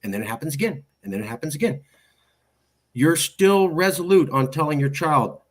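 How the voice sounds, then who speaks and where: A man's voice: on the high side, brisk. A man interviewing a guest in casual conversation, telling anecdotes and acting out what people said. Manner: storytelling, animated with quoted voices.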